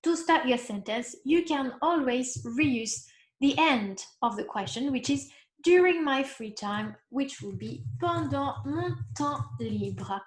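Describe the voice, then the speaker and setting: Woman, language teacher, slow careful explaining, roomy echo. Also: high voice, expressive. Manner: patient, explains step by step, checks in with "okay?". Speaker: French teacher. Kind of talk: recorded online lesson.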